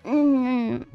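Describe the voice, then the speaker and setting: Her voice is high yet dark in tone and smooth, though the audio sounds dull and there's no room sound. She's streaming a casual mycology lesson over faint background music, nervous and giggly, rambling through fillers and false starts.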